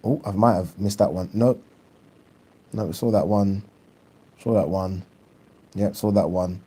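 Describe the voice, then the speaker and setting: A man's voice: low voice, steady tone, unhurried, dark tone, slightly rough. A man hosting a boxing channel, chatting casually on a live stream and giving his opinions, with frequent ums and repeated words. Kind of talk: casual live-stream chat, reading viewer questions.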